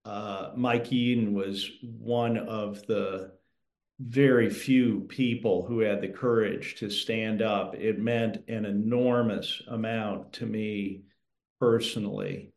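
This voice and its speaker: Slow, halting man in an echoey room. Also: on the low side, steady tone, darkish tone. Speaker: guest author. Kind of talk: interview answer. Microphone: remote call.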